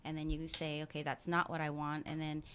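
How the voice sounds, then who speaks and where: Bright-toned woman radio co-host. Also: low voice, monotone, brisk, clear, resonant tone. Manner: thoughtful, laughs often. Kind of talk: casual radio chat. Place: radio studio. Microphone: studio microphone.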